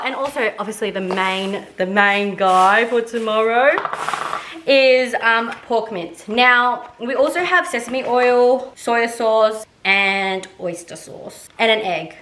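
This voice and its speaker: A woman's voice: mid-range voice, sharp tone, roomy sound, a little hiss or hum. A young woman chatting casually through a vlog from her home kitchen, rambling along with casual slang. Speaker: vlogger.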